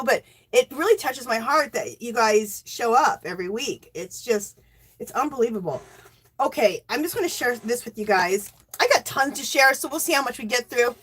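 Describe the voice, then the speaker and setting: A middle-aged woman hosting a casual livestream, emotional and teary, thanking viewers by name and cheering with loud whoops. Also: fairly high pitch. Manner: thanks donors warmly by name. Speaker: livestream host.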